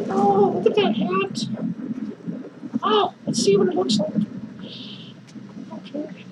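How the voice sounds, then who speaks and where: A man doing a shrill, foul-mouthed lonely clown lady. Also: noisy background. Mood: showing off. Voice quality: shrill falsetto. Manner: rambling, swearing, cackling between lines. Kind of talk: comedic horror-movie review skit.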